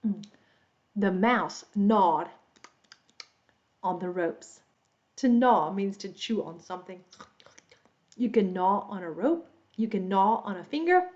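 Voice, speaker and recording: Woman, storytelling teacher, lively pitch, dull lo-fi recording. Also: slow pace, long pauses. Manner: animated, adds roars and squeaks for the animals; explains words and quizzes young listeners. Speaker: English teacher for kids. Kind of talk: reading a children's story aloud.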